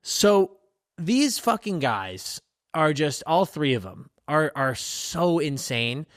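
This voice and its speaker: A man co-hosting a podcast, chatting casually and profanely, tossing out rambling, animated opinions. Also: fairly high pitch, takes it slowly, dry recording, studio quality. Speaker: podcast co-host. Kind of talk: casual sports chat.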